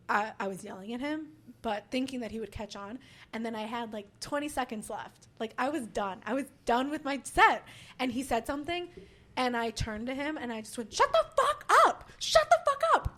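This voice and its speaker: A woman stand-up comedian from Chicago chatting on a podcast, telling animated stories, swearing freely and acting out what people said. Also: fairly high pitch. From Chicago, USA. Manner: animated storyteller, swears freely, acts out quotes. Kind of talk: casual podcast chat.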